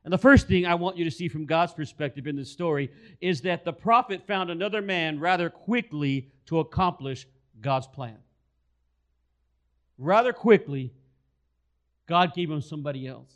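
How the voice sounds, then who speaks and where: A man's voice: on the high side, normal speed, fairly bright tone. A man preaching a sermon, telling a story and repeating key phrases for emphasis. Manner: storytelling, acts out quoted voices.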